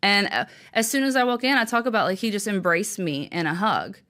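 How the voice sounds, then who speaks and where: On a podcast, a woman who is a guest author recounts something personal from her life. Her mid-range voice has a sharp tone, and her delivery is earnest, emotional and halting, full of restarts.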